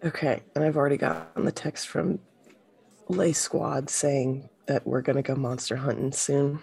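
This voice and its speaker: A man's voice: mid-range voice, little pitch movement, normal speed, vocal fry, a little mellow, husky. A man playing a tabletop role-playing game, talking casually with fillers and laughs. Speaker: player.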